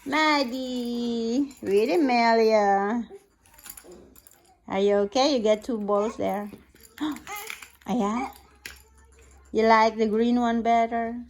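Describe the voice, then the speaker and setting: A young woman gently coaxing toddlers as they play on the floor, talking in baby talk with frequent laughs. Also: a little high, steady tone, takes it slowly, pauses often, slight background noise. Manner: coaxing and sing-song, laughing often. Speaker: caregiver. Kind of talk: baby talk while playing.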